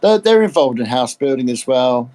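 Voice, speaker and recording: An older man in a casual political chat, talking haltingly with many restarts and repeated words. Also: medium pitch, big pitch swings, a little mellow. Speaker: discussion panelist.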